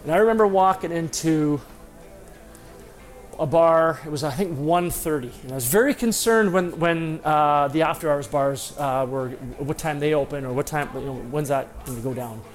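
A man's voice: fairly high pitch, a little fast, few pauses, soft background music. A former hockey player telling a personal story in a casual, conversational way, acting out the dialogue as he goes.

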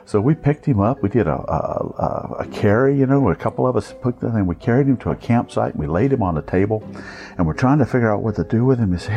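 A middle-aged man tells a personal story with plenty of amusement and animation. His low voice is mellow and warm, with a gravelly edge, and it rises and falls expressively as he acts out the people in the tale. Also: animated, fast, dull audio, soft background music.

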